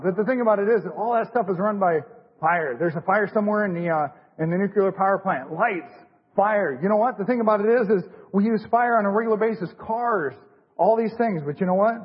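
A man's voice: fairly high pitch, breathy edge. A middle-aged man preaching an informal church sermon, folksy and repetitive, with many fillers and restarts. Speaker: lay preacher. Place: church sanctuary. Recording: dull lo-fi recording in a big reverberant hall.

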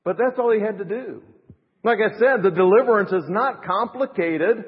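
A middle-aged man preaching a sermon as pastor, building to emphatic rising phrases and dropping to soft asides. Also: high-pitched, animated, normal speed. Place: church. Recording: reverberant, dull church recording.

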